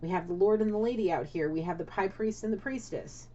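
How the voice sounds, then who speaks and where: A woman's voice: medium pitch, fast talker, warm tone. A woman giving a casual spiritual tarot reading, blunt and swearing, often checking in with "okay?". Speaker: tarot card reader. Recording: dull lo-fi audio.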